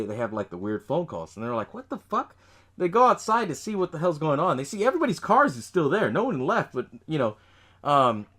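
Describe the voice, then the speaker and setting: A man hosting a podcast, casually recapping a horror movie in a profane, animated way, laughing often and acting out the characters' lines. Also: on the high side. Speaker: podcast host.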